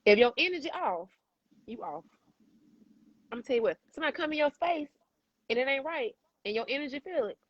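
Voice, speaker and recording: A woman's voice: sits high, animated, quick pace, no room sound, lo-fi sound. A woman hosting a podcast, talking candidly and emphatically, swearing freely and calling the listener baby. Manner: addresses listener as baby and boo. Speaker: podcast host.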